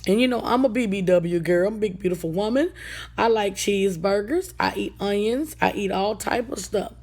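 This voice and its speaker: A woman's voice: medium pitch, fairly quick, a little mellow. A woman hosting a radio talk segment, talking bluntly and sassily in a casual monologue. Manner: blunt, sassy, colloquial.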